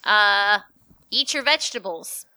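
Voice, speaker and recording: A woman's voice: mid-range voice, expressive, measured pace, bright, forceful tone. A young woman co-hosting a casual chat, who answers her friend's story with dry, teasing quips.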